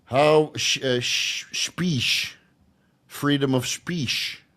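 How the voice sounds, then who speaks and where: A man hosting a casual livestream Q&A, rambling and crude, laughing often and filling pauses with ums and uhs. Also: mid-range voice, pushed and bright. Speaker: channel host answering live chat questions.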